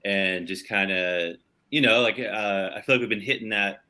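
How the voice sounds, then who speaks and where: A man's voice: on the low side, normal speed, bright, forceful tone. A young man from Los Angeles, a touring musician, chatting casually in an interview over a video call, laid-back and rambling with lots of fillers. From Los Angeles, San Fernando Valley.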